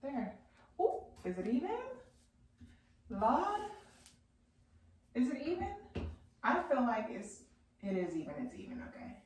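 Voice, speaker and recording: A woman's voice: a little high, big pitch swings, slow pace, long pauses. Woman vlogger, casual chat to viewers while doing her hair, echoey home room with faint background noise, camera mic. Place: at home indoors.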